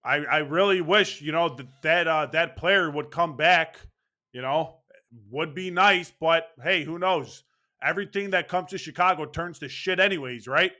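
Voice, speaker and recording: High, bright-voiced ranting man. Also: normal speed. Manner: angry, sarcastic, swearing ranting. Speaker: baseball fan commentator. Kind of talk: ranting sports commentary.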